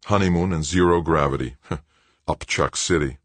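A plainspoken company CEO with a dry, self-mocking streak, read by a man in a very deep voice close to his own. The audiobook delivery is steady and unforced, and the sound is dry and close. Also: moderate pace, dry recording. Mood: wry. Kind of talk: audiobook character voice.

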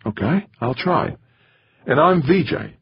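A man with a husky voice voicing a casual, curious crew member who jokes and teases, in a dull lo-fi recording. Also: a little high, expressive, slow, pitched above the performer's own voice, full character voice. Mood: teasing.

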